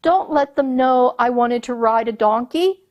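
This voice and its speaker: A woman's voice: on the high side, a little slow, a little mellow, pitched above the performer's own voice, lightly acted. A woman storyteller voicing a timid, fearful old man who mutters to himself and pleads anxiously.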